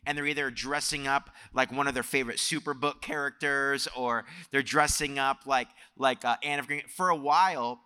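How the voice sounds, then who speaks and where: Guy pastor telling stories then preaching hard, bright tense voice, big echoey church. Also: mid-range voice, fairly even intonation, normal speed, hardly any pauses, smooth. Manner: storytelling, builds to emphatic preaching. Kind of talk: sermon. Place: church sanctuary. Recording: long church hall reverb.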